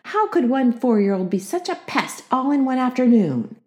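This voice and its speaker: A woman narrating a children's book aloud with expressive storytelling. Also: high voice, normal speed. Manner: expressive storytelling with acted character voices.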